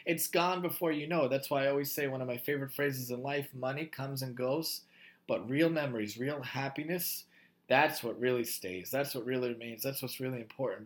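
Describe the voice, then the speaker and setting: Earnest man giving a sermon. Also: fairly high pitch. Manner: earnest, rising to emphatic rhetorical questions; sprinkles Hebrew and Yiddish terms. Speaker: Torah teacher.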